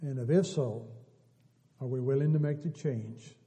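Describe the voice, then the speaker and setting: A man with a warm, medium-pitched voice preaches a sermon to his congregation at a normal pace, the sound carrying church hall reverb in the sanctuary. He builds toward emphatic exhortation, repeating his appeals and phrases.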